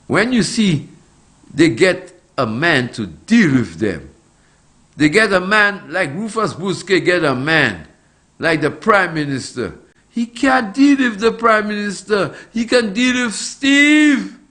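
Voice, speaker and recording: Fiery high-voiced man. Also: big pitch swings, slow, pushed and bright. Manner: fiery, emphatic, repetitive rhetorical questions. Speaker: political commentator. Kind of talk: impassioned political commentary.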